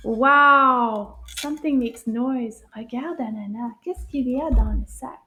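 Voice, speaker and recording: High, slow-speaking cheerful woman teacher. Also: a little hiss or hum. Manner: cheerful and encouraging, repeats words slowly and clearly; drops into hushed whispers for surprises. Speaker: French teacher for children. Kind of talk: children's language lesson.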